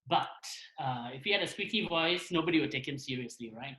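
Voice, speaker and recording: A man's voice: mid-range voice, fast talker, hardly any pauses, roomy sound, low-quality recording. A man with a Singaporean accent, a cartoonist hosting a kids' drawing session, explaining playfully over a video call. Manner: playful, animated. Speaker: cartoonist host.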